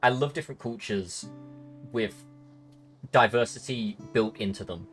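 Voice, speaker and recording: A man's voice: medium pitch, measured pace, fairly bright tone, soft background music. A young man hosting a stream interview, joking, profane and rambling in casual chat. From Britain. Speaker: stream host.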